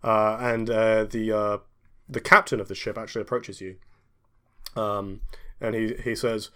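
A man narrating as game master, talking haltingly with many pauses and restarts. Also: lowish voice, little pitch movement, bright, forceful tone, clear, resonant tone.

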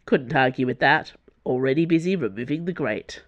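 A narrator reading an audiobook in an even, close storytelling voice, with quiet, lowered asides. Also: normal speed, no echo, dull audio.

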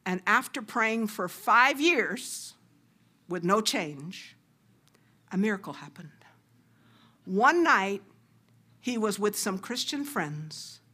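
A middle-aged woman preaching a sermon, earnest and exhorting, sometimes dropping to a hushed near-whisper. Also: mid-range voice, animated, takes it slowly, pauses often, slightly rough. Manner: earnest, exhorting, drops to soft hushed asides.

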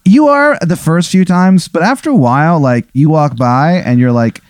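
A man's voice: fairly high pitch, lively intonation, moderate pace, no room sound. A man hosting a comedy podcast, spinning a rambling, playful hypothetical story full of fillers.

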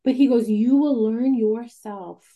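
Woman host, casual candid talk, higher-pitched and mellow, animated, curses freely. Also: unhurried. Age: adult with a child. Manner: emphatic, swears freely, animated storytelling. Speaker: podcast host.

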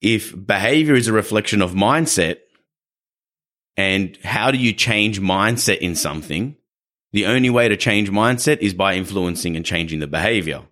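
A man's voice: on the low side, animated, normal speed, fairly bright tone. A young adult man hosting a podcast, explaining dog behavior in a casual, explanatory way and acting out quoted people. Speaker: podcast host, dog trainer.

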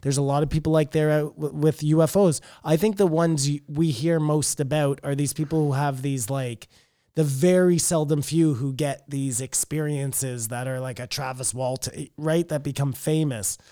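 Man, podcast co-host, rambling casual chat, mellow tone, dry room. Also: fairly high pitch, fairly even intonation, normal speed, no room sound. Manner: rambling, trails off and restarts mid-thought.

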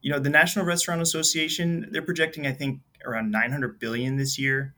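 Male industry guest, bright tense tone, measured answers. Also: mid-range voice, little pitch movement. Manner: measured, with many ums. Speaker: podcast guest, industry sales executive. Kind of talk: casual interview answers.

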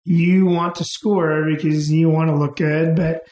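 A man, raised in Canada, telling relaxed, rambling stories as an interview guest, with plenty of fillers and restarts. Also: a little high, a little slow, roomy sound. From England, raised in Canada. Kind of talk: casual storytelling.

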